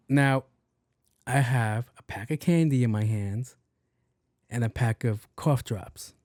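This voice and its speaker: A man hosting a podcast, telling a story in a casual, animated and profane way and acting out the dialogue. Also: mid-range voice, measured pace, long pauses, dry recording, studio quality. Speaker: podcast host.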